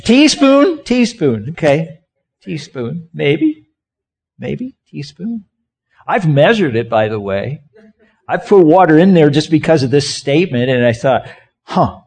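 A pastor preaches a sermon in a conversational way, asking the congregation questions and having them act out hand gestures as he goes. His voice is a little high and slightly rough, with a darkish tone, vocal fry, and big pitch swings, and he speaks a little slowly.

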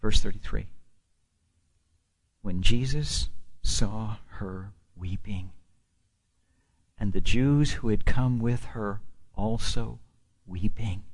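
A middle-aged man preaching a sermon, swinging from hushed near-whispers to loud, emphatic peaks. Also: lowish voice, slow, pauses often, slightly rough.

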